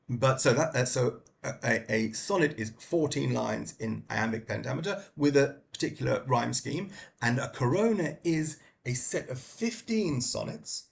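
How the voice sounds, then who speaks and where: A man's voice: fairly high pitch, vocal fry, a little hiss or hum. A middle-aged man giving a casual spoken book review, hesitant and full of fillers and restarts.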